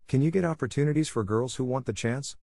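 A man's voice: mid-range voice, fast, creaky, dark tone, no room sound, clean studio sound, voice pushed up. A man reading the part of an earnest young playwright who asks passionate, searching questions. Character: earnest young male playwright, idealistic and easily stirred. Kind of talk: audiobook character reading.

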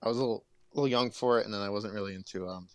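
A young man co-hosting a podcast, talking hesitantly with many restarts and soft laughs. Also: on the low side, fairly even intonation, very fast, dry recording. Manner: hesitant, hedging, laughs often. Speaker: podcast co-host. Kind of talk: casual chat.

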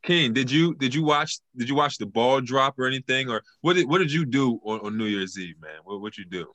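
A man's voice: mid-range voice, lively intonation, fairly quick, sharp tone, no echo. A man co-hosting a podcast in casual chat, upbeat and teasing. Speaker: podcast co-host.

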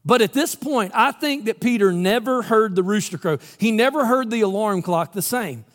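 High-voiced pastor preaching in a reverberant hall. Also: male voice, expressive, normal speed. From Georgia, US. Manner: storytelling, acts out quoted lines. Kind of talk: sermon.

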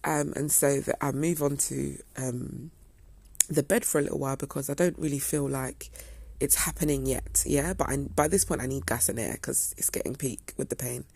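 A woman's voice: very deep voice, steady tone, moderate pace, creaky, darkish tone, slightly rough, no echo. A young woman telling a story to her viewers in a casual, chatty way. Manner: chatty, acts out quoted dialogue. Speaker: vlogger.

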